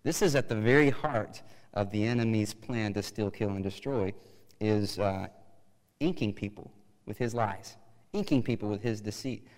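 Male pastor, sermon, casual then loud emphatic bursts, long hall reverb. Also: on the low side, normal speed.

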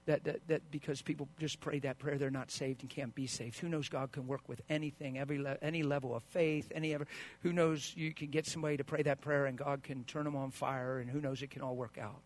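A man preaching a sermon as a pastor, swinging from quiet asides to loud, driving peaks. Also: flat delivery, fast talker. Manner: mocks sentimental sympathy with a high, wailing put-on voice.

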